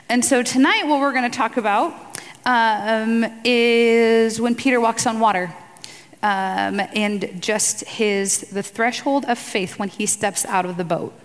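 Brief: woman leading a relaxed devotional talk at a group event, chatty, long hall reverb. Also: mid-range voice. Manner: casual and chatty, with fillers and asides. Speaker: speaker at a church gathering. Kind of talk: conversational devotional talk with scripture reading. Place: room with tables for the group.

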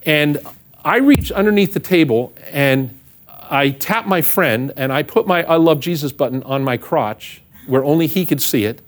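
Middle-aged male pastor, animated self-mocking storyteller, slightly high voice, very lively pitch. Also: normal speed. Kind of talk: storytelling sermon.

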